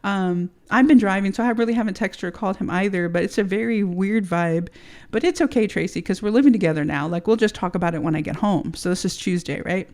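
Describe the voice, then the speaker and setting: A woman's voice: medium pitch, fast, a little mellow. Woman rambling through a personal story. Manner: rambling, frequent swearing and restarts. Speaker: podcast host. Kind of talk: casual storytelling monologue.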